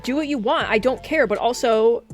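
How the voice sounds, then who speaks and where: A woman streamer chatting casually and excitably, often swearing and breaking into laughter. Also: fairly high pitch, moderate pace. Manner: excitable, swears a lot, frequent laughing outbursts. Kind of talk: casual live-stream chat. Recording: faint background music.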